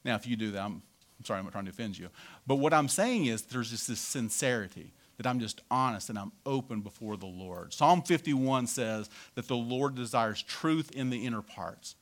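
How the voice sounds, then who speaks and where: A pastor gives a relaxed, conversational sermon, checking in with his listeners again and again. His voice sits at a middle pitch for a man. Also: normal speed. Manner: conversational preaching with frequent "right?" asides.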